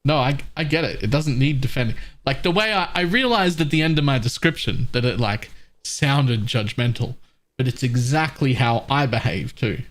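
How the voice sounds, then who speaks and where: A man's voice: medium pitch, expressive, normal speed, a bit bright. A man streaming a game live, chatting casually with his viewers, laughing often and restarting his phrases.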